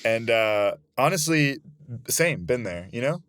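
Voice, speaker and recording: A young man from the United States co-hosting an improv comedy show, teasing his partner with quick questions. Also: mid-range voice, expressive, fairly bright tone, smooth, no echo, clean studio sound. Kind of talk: casual comedic banter.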